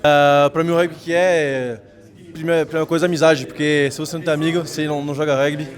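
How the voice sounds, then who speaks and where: A man's voice: a little high, fairly even intonation, rapid-fire. A Brazilian man, a rugby player, answering interview questions in an earnest, humble way. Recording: outdoors with loud crowd behind.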